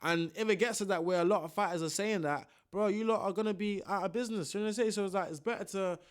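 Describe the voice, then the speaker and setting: Man, young, casual commentary, slangy, repetitive, a little high-pitched. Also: fast, clear, resonant tone. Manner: slangy, ranting, repeats himself. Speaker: boxing vlogger.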